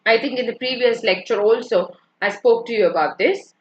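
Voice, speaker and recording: A woman's voice: a little high, normal speed, highs cut off. Woman lecturer, patient and repetitive. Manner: explanatory, repeats key points, checks in with students. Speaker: English literature lecturer. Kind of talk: online lecture.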